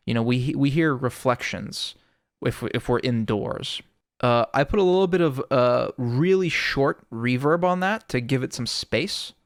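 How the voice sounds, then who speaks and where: A gravelly, medium-pitched male voice explains sound design in an easygoing producer tutorial, leaning on "sort of" again and again. He's near a studio mic, with no echo.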